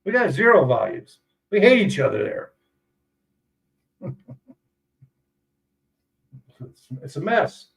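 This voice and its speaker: A man's voice: high voice, very animated, measured pace, vocal fry, poor audio. An older man, a retiree, chatting casually and rambling on a livestream, chuckling often. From United States. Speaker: retiree vlogger.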